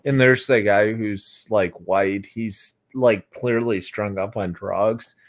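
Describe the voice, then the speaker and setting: A man's voice: on the low side, fairly even intonation, takes it slowly. A young American man, a livestream interview guest, talking hesitantly and rambling with many fillers and restarts. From United States. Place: Florida.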